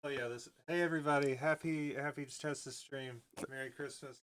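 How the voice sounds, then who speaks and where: A man dropping in on a stream from across the room, speaking quietly and teasingly away from the microphone. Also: mid-range voice, steady tone, normal speed, clear, resonant tone, rough recording.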